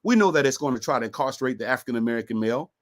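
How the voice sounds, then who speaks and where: A man's voice: mid-range voice, animated, very fast. A man co-hosting a talk show, speaking in an emphatic, preachy way and repeating his points. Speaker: co-host.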